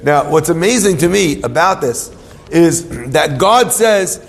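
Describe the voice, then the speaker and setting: A middle-aged man, a rabbi, giving an animated sermon to a live audience. He tells stories, asks and answers his own questions, and mixes in Hebrew terms. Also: on the high side, measured pace, vocal fry. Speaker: rabbi teaching Torah. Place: hall with an audience. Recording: long reverb of a hall.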